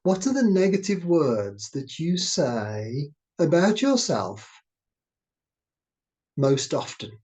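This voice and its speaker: Slow, mellow-voiced male meditation guide. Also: on the high side, big pitch swings. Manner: slow, gentle, soothing delivery. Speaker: meditation teacher.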